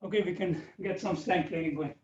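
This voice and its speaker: A man's voice: high voice, a little fast. A man leading a live online fitness class, encouraging and counting out reps over a video call. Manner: encouraging, counts out reps, frequent "okay" and "right". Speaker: fitness instructor. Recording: dull, roomy, distant video-call audio with faint hiss.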